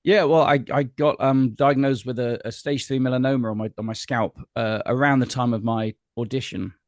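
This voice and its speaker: A middle-aged British man talking candidly in an interview, with a wry, halting manner and many restarts. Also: mid-range voice, steady tone, dry recording, studio quality. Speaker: guest entertainer. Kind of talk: interview conversation.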